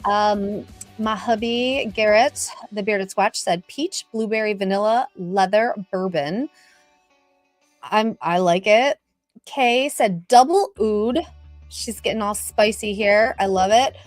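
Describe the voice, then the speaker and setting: A woman's voice: mid-range voice, slow, no echo, faint music behind. A middle-aged woman hosting a casual live stream, chatting upbeat and greeting viewers by name as she reads the chat. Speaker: livestream host reading viewer chat.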